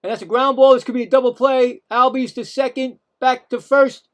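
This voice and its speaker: A man calling live play-by-play as a stream host, excitable, ranting at calls and talking straight to his viewers. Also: extremely high pitch, a little fast.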